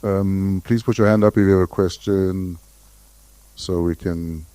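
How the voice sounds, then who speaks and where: A man's voice: sits low, fairly even intonation, a little slow, dark tone, dry recording. A man moderating a live panel, opening audience questions with short prompts and quips. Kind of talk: hosting a live Q&A.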